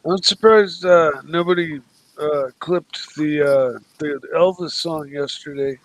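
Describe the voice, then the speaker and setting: A man on a livestream, pausing with fillers as he recounts his singing. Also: a little high. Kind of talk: casual livestream chat.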